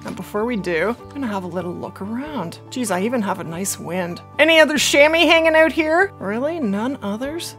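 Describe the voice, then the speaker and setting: A woman hosting her own gaming channel, chatting and reacting out loud as she plays a hunting game. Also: on the high side, a little fast, few pauses, over music. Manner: chatty, excitable, talks to herself while playing. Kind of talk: casual gameplay commentary.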